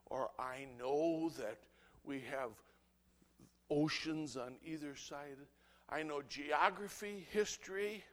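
A man, a pastor, preaching an impassioned sermon that swings between loud outbursts and low, earnest asides. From United States.

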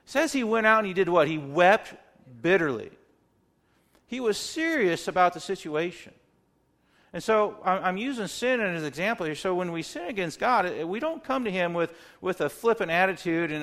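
A man's voice: sits high, lively intonation, normal speed, fairly bright tone. A man preaching a sermon in an earnest manner, often repeating words as he stresses a point and acting out sample prayers. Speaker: pastor.

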